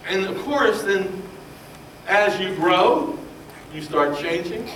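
A man preaching with fervor, swinging between near-shouts and hushed asides. His voice sits a little high for a man. He is caught from a distance, in a roomy, echoing church with faint ambience behind. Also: animated, takes it slowly, a little hiss or hum. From Baltimore, Maryland. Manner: impassioned, swings from loud to hushed. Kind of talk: sermon. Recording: roomy echo, voice from far off.

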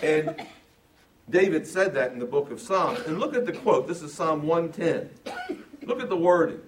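Emphatic preacher, roomy and distant. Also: male voice, on the high side, lively intonation, normal speed, a little hiss or hum. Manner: emphatic, shifts from quiet to loud, asks the audience questions. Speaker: preacher teaching from the Bible. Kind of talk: sermon, verse-by-verse Bible teaching.

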